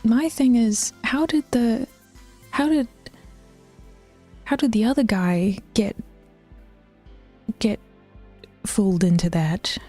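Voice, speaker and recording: Mellow half-whispering woman streamer. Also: a little high, slow pace, long pauses, soft background music. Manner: often half-whispered, laughing, swearing casually. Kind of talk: casual livestream chat while working out.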